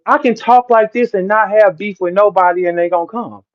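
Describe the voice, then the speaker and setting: On a livestream, a middle-aged St. Louis battle rapper from the Midwest US rants heatedly at his listeners, preachy and profane as he lectures them. His pitch runs high and his pace is fairly quick, and the recording has a lo-fi quality.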